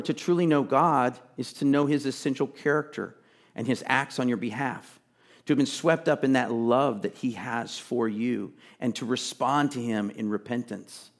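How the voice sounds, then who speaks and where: A male pastor preaching a sermon in a conversational way, with casual asides and emphatic repetition. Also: medium pitch.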